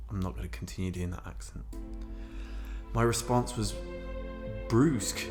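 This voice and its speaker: A man with a mild Midlands English accent hosting a radio show, reading with excitable, self-mocking comic asides. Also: on the low side, normal speed, pauses often, over loud music. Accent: mildly Midlands English.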